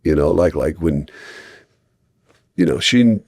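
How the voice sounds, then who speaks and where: A middle-aged man with a very low, creaky, darkish voice with a breathy edge tells stories as a podcast guest, slowly but animatedly. He rambles, restarts sentences and acts out the people he quotes, recorded close and dry with no echo on a podcast mic in this casual storytelling.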